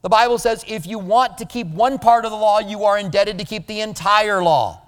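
Guy preaching, kinda high voice, lively, big echoey hall sound. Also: normal speed. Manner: animated, mimics voices of others. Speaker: pastor. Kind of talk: conversational sermon.

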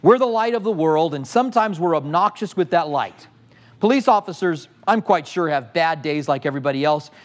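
A man's voice: fairly high pitch, animated, a little fast. A middle-aged male pastor teaching a sermon with passion, firing off rhetorical questions at the congregation.

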